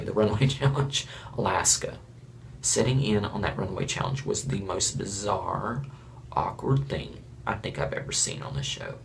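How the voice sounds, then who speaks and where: Blunt, gravelly-voiced man rambling a review. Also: lowish voice, a little hiss or hum. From Florida. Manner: blunt, rambling, chuckling asides. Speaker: reality show reviewer. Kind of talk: casual opinionated review.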